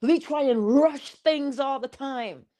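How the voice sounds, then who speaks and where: A woman's voice: high voice, slow pace, warm tone. A woman giving a morning inspirational talk, with preacherly calls and frequent laughter. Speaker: motivational speaker.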